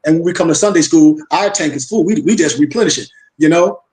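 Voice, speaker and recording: A man from Florida with a Gullah accent, teaching a spiritual class in a fast, rhythmic preaching cadence with casual slang. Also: fairly high pitch, darkish tone, breathy edge. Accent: Gullah-influenced Southern US. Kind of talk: informal class discussion.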